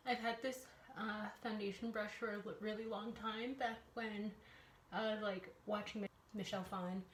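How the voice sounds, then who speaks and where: A woman's voice: mid-range voice, flat delivery, normal speed, a little hiss or hum. A young adult woman vlogging casually at home, chatty and rambling, with lots of fillers. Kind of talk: casual vlog chat.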